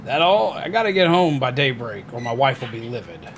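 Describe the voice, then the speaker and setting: A man voicing a gruff male villager from a horror game, reading the lines low and flat. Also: fairly quick, slight background noise.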